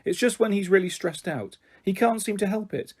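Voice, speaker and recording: A man voicing a gentle, anxious mother who speaks softly and coaxes her daughter with forced cheerfulness. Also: sits high, moderate pace, slightly rough, voice pushed up. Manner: soft, coaxing, forced cheerfulness.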